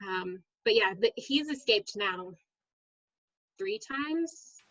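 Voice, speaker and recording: A woman, a middle school science teacher, chatting as a guest in an interview and telling lively stories with frequent "um"s. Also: medium pitch, slow, no room sound, muffled recording. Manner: lively storyteller, many "um"s. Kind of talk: casual interview storytelling.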